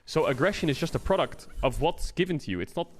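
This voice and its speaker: A man's voice: on the high side, expressive, fast. A man streaming a casual explanatory rant, talking it through conversationally, often checking in with the listener and swearing now and then. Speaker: streamer and game analyst.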